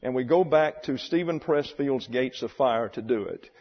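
A man teaching a Bible class, deliberately spelling out and pronouncing terms for his students. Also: mid-range voice. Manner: deliberate, spells out words slowly. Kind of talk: classroom lecture. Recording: dull lo-fi sound in a reverberant hall.

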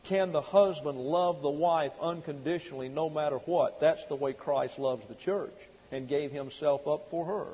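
A middle-aged man preaching a sermon, emphatic and slow on his key words, heard through a dull lo-fi recording in a reverberant hall. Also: fairly high pitch, slightly rough. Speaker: pastor.

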